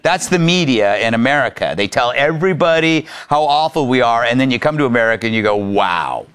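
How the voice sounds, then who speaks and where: A man's voice: mid-range voice, fast talker, a bit bright, clean tone. A man hosting a talk show, delivering opinionated commentary in a sarcastic, mocking manner. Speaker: host.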